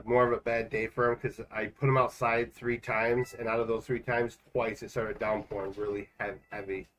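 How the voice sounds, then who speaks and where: Streaming a game from home, this man has a mid-range, fairly bright voice. His casual livestream chat rambles along, peppered with quick jokes.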